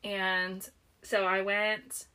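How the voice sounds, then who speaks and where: A young woman co-hosting a casual chat, telling stories in an animated way and acting out what people said. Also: medium pitch, drawn-out words, clear, resonant tone. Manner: animated, laughing, acts out quotes. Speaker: podcast co-host.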